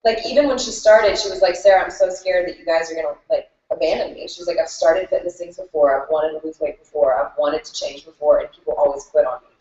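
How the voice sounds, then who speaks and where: Speaking fast with hardly any pauses, a woman coach with a low, darkish voice tells a group about a client, emotional to the point of near tears. She's chatty and leans on "like" all the time. The sound is dull, captured by a distant mic in an echoey room.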